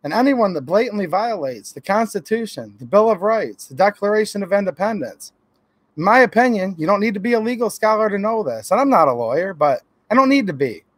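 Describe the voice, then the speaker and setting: A man's voice: sits high, big pitch swings, fairly quick, no room sound. A man from Michigan hosting a casual livestream, greeting viewers by name and giving his opinions in a friendly way. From Michigan, USA. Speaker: YouTube channel host. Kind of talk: casual livestream chat reading viewer comments.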